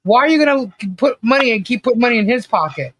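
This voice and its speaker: A man's voice: very high voice, big pitch swings, quick pace, noisy background. A man hosting a casual livestream commentary, blunt and ranting, swearing freely and reading out viewer chat comments.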